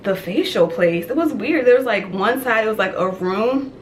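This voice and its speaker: A young woman telling a dream story in casual vlog style, animated and chatty, with many "like" fillers. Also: medium pitch, normal speed, slight background noise. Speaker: vlogger.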